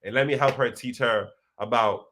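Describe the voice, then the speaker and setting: A young man hosting a live chat, reading viewer comments and telling stories in a slangy, animated way. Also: moderate pace, a little hiss or hum. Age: young adult. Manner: animated, slangy storytelling with big pitch jumps. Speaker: host of a live chat session.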